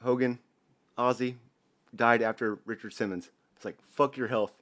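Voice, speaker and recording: A man's voice: mid-range voice, steady tone, moderate pace, fairly bright tone. Young man joking as podcast co-host. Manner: brief, joking interjections. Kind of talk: casual chat.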